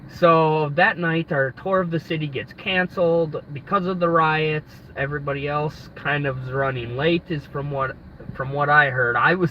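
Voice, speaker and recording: A man's voice: a little high, steady tone, moderate pace. A man with a stuffy nose from a cold, telling a travel story in a casual, rambling live stream full of restarts. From United States. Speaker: travel vlogger. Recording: dull lo-fi audio with faint background noise.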